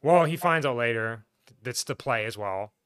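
A man's voice: mid-range voice, expressive, moderate pace, a bit bright, clear, resonant tone, dry recording, clean studio sound. A man co-hosting a podcast, recapping a film in a loose, rambling way with lots of "like" and laughter. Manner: rambling, laughing, full of "like" and restarts. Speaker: podcast co-host. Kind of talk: casual movie recap chat.

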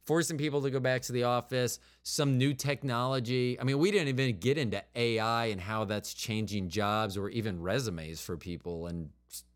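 Brief: male podcast host, mid-pitched voice, lively storyteller, blunt and profane in casual chat. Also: moderate pace, few pauses.

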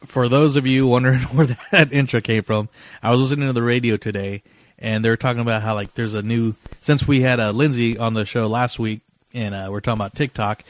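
A man's voice: mid-range voice, steady tone, a little fast, dry recording. A man co-hosting a podcast in casual chat, rambling with lots of fillers and frequent laughter. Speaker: podcast co-host.

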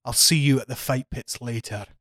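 A man's voice: mid-range voice, steady tone, normal speed, a bit bright, no room sound, clean studio sound, natural voice. A man voicing a brutal, bossy gang boss who barks threats. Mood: mocking. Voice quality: barking, threatening.

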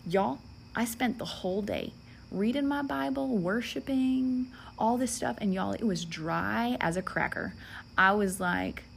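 A woman giving a sermon testimony, earnest and emotional, dropping into soft whispers at times. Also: medium pitch, lively intonation, measured pace, gravelly, a little hiss or hum. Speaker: preacher.

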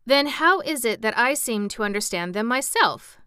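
A woman's voice: a little high, lively intonation, normal speed, bright, forceful tone, clean tone, dry recording, clean studio sound, voice pushed up. A woman voicing a pompous, severe male scarecrow king who speaks in a lofty, reproving way, in a storybook reading.

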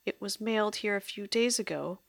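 A woman voicing a clever, wry male musician who thinks out loud in a read-aloud story. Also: mid-range voice, a little fast, vocal fry, no echo. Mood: explaining.

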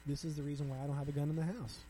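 A man's voice: a little high, flat delivery, rapid-fire, heavy background noise. A young man hosting his own podcast, reading articles aloud and riffing on them in a chatty way full of "like". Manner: chatty, frequent "like", reads articles aloud then riffs. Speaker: podcast host. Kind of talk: casual solo podcast commentary.

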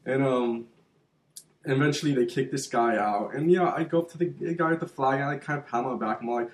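Animated swearing man in an echoey room. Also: medium pitch, a little fast. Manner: animated, swearing, heated storyteller. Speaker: podcast co-host. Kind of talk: casual chat, storytelling.

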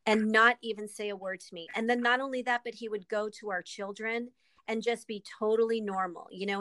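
A woman guest and author in a candid interview, speaking earnestly and with emotion, often pausing with ums and restarting. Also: mid-range voice, fairly even intonation, fairly bright tone, no room sound, poor audio.

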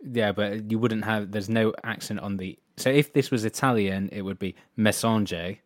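Low-voiced British radio co-host. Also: male voice, steady tone, moderate pace, dry recording, clean studio sound. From Britain. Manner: rambling, self-correcting, apologetic. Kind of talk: casual chat between tracks.

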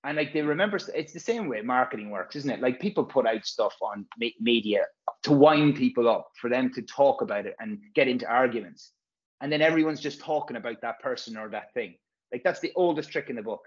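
A man's voice: mid-range voice, expressive, fairly quick, highs cut off. A man, a physio course presenter, chatting casually and frankly, rambling and swearing freely. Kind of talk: casual podcast chat.

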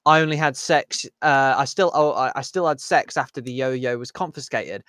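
A man's voice: medium pitch, normal speed, a bit bright, dry recording, clean studio sound. A man in casual chat, stammering and rambling with crude language.

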